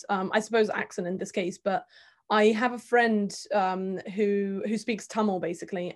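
A woman in casual conversation, talking thoughtfully, with many fillers and restarts. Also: mid-range voice. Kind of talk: casual chat.

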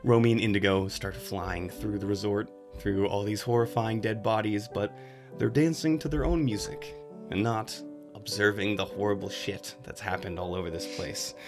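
Low-voiced man running a tabletop game. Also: fairly even intonation, normal speed, over music. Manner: casual, laughs at scenes. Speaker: game master.

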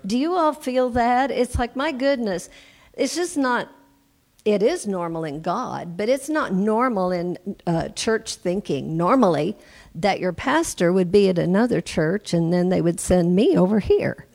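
A woman's voice: medium pitch, animated, a little slow, vocal fry, darkish tone. A woman in her sixties preaching as a guest, talking to the congregation in a conversational way and breaking off for asides. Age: 60s. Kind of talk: sermon.

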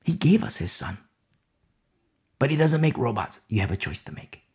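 A man preaching a sermon with fervent, dramatic delivery that swings from loud declarations to hushed whispers. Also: medium pitch, big pitch swings, normal speed, slightly rough.

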